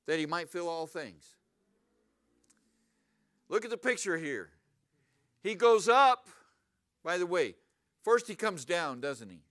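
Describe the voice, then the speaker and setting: A man's voice: on the high side, clean tone. A man preaching a sermon to his congregation in church, asking them questions often. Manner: animated, asks the congregation questions. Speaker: pastor. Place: church sanctuary.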